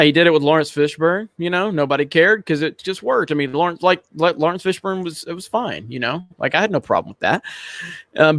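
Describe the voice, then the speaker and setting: A man's voice: on the high side, fairly bright tone, no room sound, clean studio sound. A man co-hosting a casual podcast chat, opinionated and thinking aloud. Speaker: podcast co-host.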